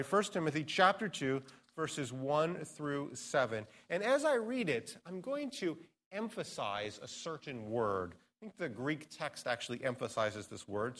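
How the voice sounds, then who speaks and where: Earnest pastor preaching a sermon. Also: male voice, medium pitch, a bit bright. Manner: earnest expository preaching, varied emphasis.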